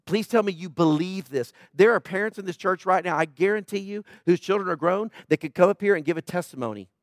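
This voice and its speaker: A man's voice: high voice, fairly quick, dry recording, studio quality. A man preaching a sermon in church, urgent and emphatic, driving his points home through repetition. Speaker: pastor.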